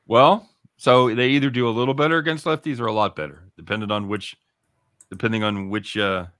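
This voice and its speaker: A middle-aged man hosting a sports radio show, chatting casually, swearing often and breaking into loud laughs. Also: medium pitch, fairly quick, no echo, studio quality. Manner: profane, excitable, laughs loudly. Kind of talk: casual sports talk banter.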